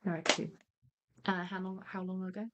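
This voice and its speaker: A woman's voice: lowish voice, flat delivery, normal speed, fairly bright tone, highs cut off. A woman playing in a tabletop game who asks eager, short questions. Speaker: player.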